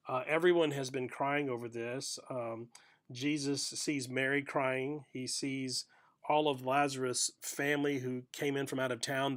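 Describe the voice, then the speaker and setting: A middle-aged pastor with a mid-range voice delivers a short, reflective sermon for a video podcast, telling a story gently and with pauses.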